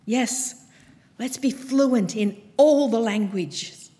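A woman preaching a sermon to her church, with a measured, earnest delivery and pointed pauses. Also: on the high side, warm tone. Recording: long hall reverb from a church.

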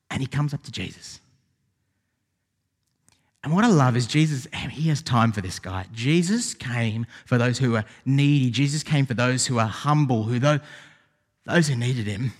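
A man preaching a sermon as pastor, animated and rising to emphatic exclamations. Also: medium pitch, breathy edge. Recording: long hall reverb.

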